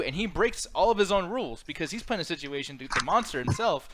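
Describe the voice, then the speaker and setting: Bright punchy guy host, casual swearing, rambles and does little voices. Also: sits high, fast talker. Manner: animated, swearing, acts out quotes in funny voices. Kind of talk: casual chat.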